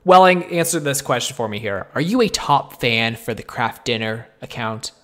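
A man's voice: medium pitch, lively intonation, normal speed, a bit bright. A man co-hosting a podcast, rambling with lots of filler words and easy laughter. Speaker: podcast co-host. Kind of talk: casual podcast chat.

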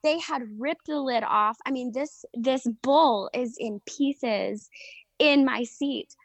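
A woman telling a funny story as a podcast guest, animated and laughing often as she talks. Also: high voice, takes it slowly, no room sound. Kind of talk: casual storytelling.

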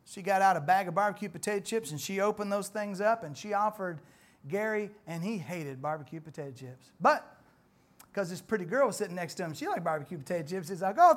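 Folksy preacher in his forties. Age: 40s. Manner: folksy, conversational preaching that swells louder and higher on emphatic points. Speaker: pastor. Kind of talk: sermon. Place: church.

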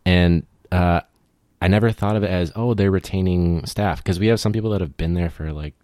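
A man's voice: deep voice, fairly quick, mellow, no room sound. A young man in his twenties, a teacher hosting a casual podcast chat, loose and chatty with lots of fillers. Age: 20s.

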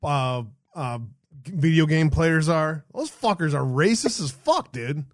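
A man with a slightly high voice hosts a call-in show, loose and profane, laughing a lot between remarks. The sound is dry and close, with no room echo at all. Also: lively intonation, unhurried. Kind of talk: casual call-in chat.

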